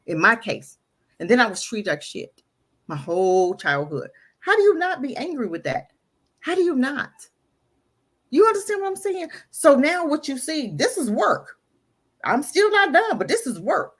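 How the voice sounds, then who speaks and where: A woman's voice: fairly high pitch, very animated, moderate pace, fairly bright tone. A middle-aged woman talking candidly about her past as a guest, emphatic and repeating phrases for stress. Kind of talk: candid personal storytelling. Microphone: audio-only radio show recording.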